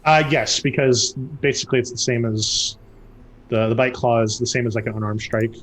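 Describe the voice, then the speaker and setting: A man narrating a tabletop game as game master, who breaks into loud, high voices for the characters. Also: normal speed. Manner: lively, acts out characters with loud jumps in pitch.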